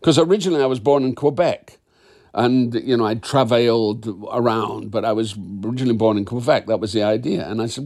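A man's voice: medium pitch, fairly quick, vocal fry. An older man with a Scottish accent, a guest in an interview, telling stories animatedly and often restarting his sentences. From Scotland. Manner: animated, acts out quoted dialogue, restarts mid-sentence. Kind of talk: conversational interview storytelling.

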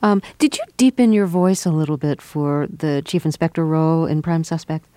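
A woman interviewer who asks calm, curious questions. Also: low-pitched, normal speed, no room sound.

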